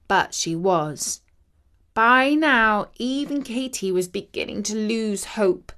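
A woman narrating a children's story in a measured, expressive way. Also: mid-range voice.

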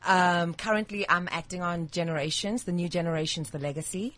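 A woman's voice: fairly low pitch, a little fast, a bit bright. A woman, a singer and actress, talking confidently about her work as a guest in a radio studio. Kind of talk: radio interview talk.

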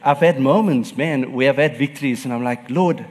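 A man's voice: medium pitch, brisk, a little mellow, long reverb tail. A man preaching a sermon as pastor, telling personal stories and laughing often.

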